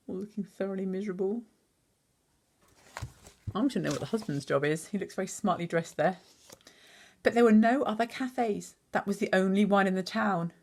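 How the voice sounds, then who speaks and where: A woman teacher reading a picture book aloud, pausing to chat and quiz the listener on words. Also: medium pitch, expressive. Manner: chatty, asks the listener questions.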